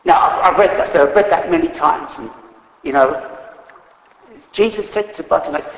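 A man's voice: on the high side, moderate pace, fairly bright tone. A man preaching a sermon in an earnest, unscripted way, reading scripture aloud and correcting himself as he goes. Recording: echoey hall reverb.

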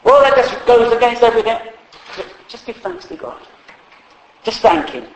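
A man's voice: extremely high pitch, expressive, moderate pace. A man preaching a sermon in a humorous, conversational way, acting out quotes along the way. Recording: echoey hall.

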